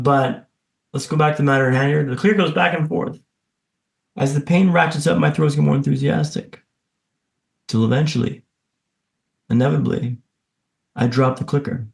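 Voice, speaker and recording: Gravelly-voiced man telling a gripping story. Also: medium pitch, steady tone, normal speed, long pauses, echoey room. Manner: vivid, punchy, self-deprecating humour. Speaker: podcast guest and speaker. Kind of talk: dramatic personal storytelling.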